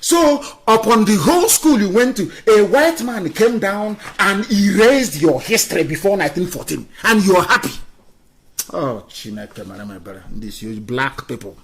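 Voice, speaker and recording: Man, high pitch, fiery radio broadcaster, scornful, loud-then-quiet delivery. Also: expressive, moderate pace, gravelly. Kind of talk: impassioned political radio address.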